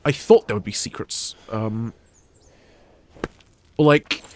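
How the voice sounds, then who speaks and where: Faint music plays behind a young UK man whose lowish, slightly mellow voice moves slowly as he streams a game. He rambles through casual gameplay talk in an English accent with Scottish hints, using plenty of fillers and restarts.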